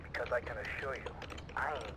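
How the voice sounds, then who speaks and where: A man's voice: medium pitch, brisk, noisy background, lightly acted. An actor playing a bitter, threatening male mob boss in a video game, talking in a menacing, mock-friendly way. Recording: game audio over music.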